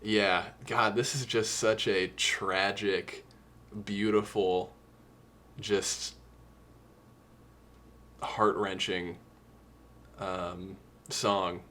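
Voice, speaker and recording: Homme grave et sérieux, ému. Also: male voice, on the low side, level tone, extremely slow, long pauses, bright, forceful tone. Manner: earnest, emotional, quotes lyrics. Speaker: podcast co-host. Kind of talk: casual music discussion.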